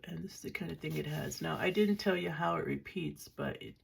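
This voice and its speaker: Older woman, low gravelly voice, casual crafting vlogger who thinks aloud and jokes dryly at herself. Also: a little fast. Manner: chatty, thinking aloud, dry self-mocking. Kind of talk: casual crafting show-and-tell.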